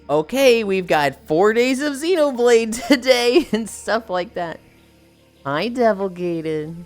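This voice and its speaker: A woman streaming from home, chatting casually with her viewers, profane and joking, groaning now and then as she stretches. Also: medium pitch. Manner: profane, joking, reads chat aloud. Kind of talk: casual live-stream chat. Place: at home, indoors.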